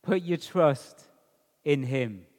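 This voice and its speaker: A man preaching a sermon in a conversational, animated way, asking the congregation rhetorical questions. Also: a little high, takes it slowly. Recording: long reverb of a large hall.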